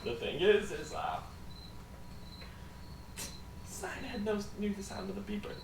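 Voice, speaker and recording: A man narrating as game master of a tabletop game, animated, swearing and mocking himself. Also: sits high, unhurried, vocal fry. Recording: echoey room, far from mic, background noise.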